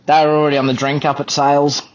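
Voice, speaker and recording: A man's voice: fairly high pitch, monotone, fast talker, lo-fi sound. A young Australian man telling a fishing charter story as a podcast guest, blunt, profane and often laughing. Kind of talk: casual anecdote telling.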